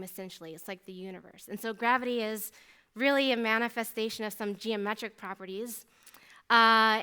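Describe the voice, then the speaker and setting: A woman in her thirties speaks at a symposium, telling her own story with earnest energy and acting out her past thoughts. Her voice sits a little high and sounds smooth and clear. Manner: earnest, animated storytelling with quoted inner thoughts. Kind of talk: personal testimony talk. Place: lecture hall.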